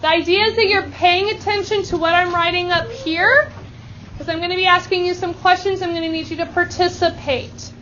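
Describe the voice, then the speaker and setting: A woman teaches a math lesson in a classroom, upbeat and leading her students through chants. Her voice sits very high. The recording is muffled, with a steady background noise. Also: brisk. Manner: upbeat, leads call-and-response chants. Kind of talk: classroom instruction.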